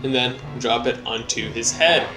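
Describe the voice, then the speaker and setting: A man's voice: mid-range voice, normal speed, vocal fry, low-quality recording. A young man hosting a casual gameplay commentary, rambling, joking and mocking his own skill. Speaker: let's play host. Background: game music.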